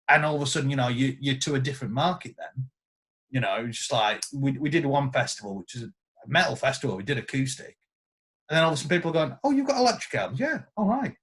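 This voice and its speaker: A man, a guest guitarist, telling stories in casual podcast chat and acting out the quotes. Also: mid-range voice. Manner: animated storyteller acting out quotes.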